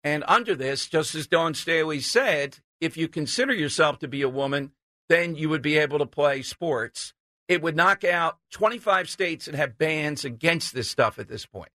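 A man's voice: a little high, lively intonation, normal speed, pushed and bright, no room sound. A man hosting a talk radio show, giving emphatic, sarcastic commentary into a studio mic.

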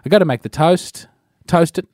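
A man's voice: on the high side, moderate pace, a little mellow, dry recording, studio quality. A young Australian man hosting a breakfast radio show, teasing and mock-dramatic in playful banter.

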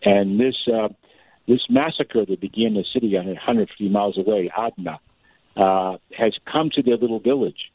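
A man's voice: lowish voice, normal speed, dry recording. A man telling a family story in a casual radio interview, talking in bursts with many restarts. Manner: animated, restarts often, storyteller. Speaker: author and guest. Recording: dull, slightly lo-fi radio sound.

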